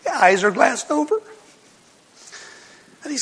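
A man's voice: sits high, animated, normal speed, vocal fry, fairly bright tone, husky, in a large hall. An older man, a pastor, telling a personal testimony to his congregation as an emotional storyteller who laughs between lines.

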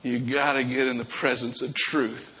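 A man preaching a sermon as pastor, swinging between shouted passages and quieter talk. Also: medium pitch, level tone, normal speed, husky, highs cut off.

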